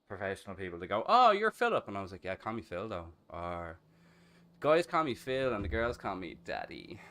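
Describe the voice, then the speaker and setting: An Irish man in his thirties chats loosely while streaming a game, cursing freely and laughing out loud. His voice sits a little low and sounds smooth and clear. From Ireland. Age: 30s. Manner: crude, swears a lot, laughs loudly. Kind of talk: casual chat while gaming.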